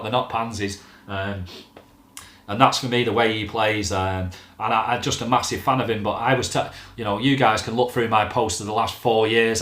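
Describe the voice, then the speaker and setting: With a fairly low pitch and a fairly bright tone, this man runs a fan channel and rants casually to camera about football. He's blunt, swears a lot, and the space has an echo.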